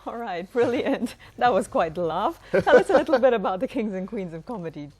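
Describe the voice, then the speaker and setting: A woman hosting a TV interview, brisk and affirming as she moves the segment along. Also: medium pitch, animated, over music. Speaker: TV host. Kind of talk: studio interview.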